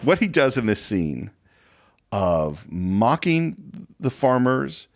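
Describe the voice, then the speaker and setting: Animated man retelling a film. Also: mid-range voice, noisy background. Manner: animated retelling of scenes, acting out lines in quick voices. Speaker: film podcast co-host. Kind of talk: casual film discussion. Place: podcast studio.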